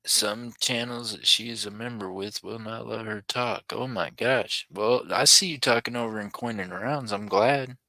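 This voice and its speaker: Deep-voiced man hosting a live auction. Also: normal speed, hardly any pauses, pushed and bright, dry recording, poor audio. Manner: chatty, reads viewer comments aloud, chuckles often. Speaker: livestream auction host. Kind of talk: casual live-stream chat.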